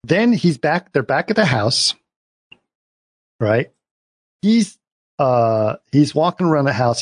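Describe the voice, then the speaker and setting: A man's voice: medium pitch, dry recording. A man hosting a casual watch-party podcast, retelling a show's plot in a rambling way with many restarts. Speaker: podcast host.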